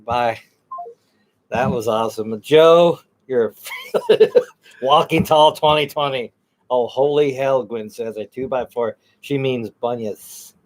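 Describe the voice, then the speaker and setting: Man, mid-pitched voice, rambling, laughs a lot, casual swearing. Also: takes it slowly, slight background noise. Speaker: paranormal show co-host. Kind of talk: casual live-stream chat.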